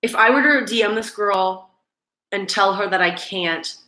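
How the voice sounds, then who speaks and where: A woman's voice: mid-range voice, unhurried, pushed and bright, echoey room. A woman hosting a casual livestream, chatting and gushing with lots of "like" fillers.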